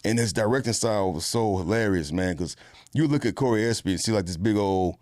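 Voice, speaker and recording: A man, an actor, chatting casually in an interview, relaxed and slangy with lots of fillers. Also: lowish voice, brisk, dry recording, clean studio sound. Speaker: actor guest.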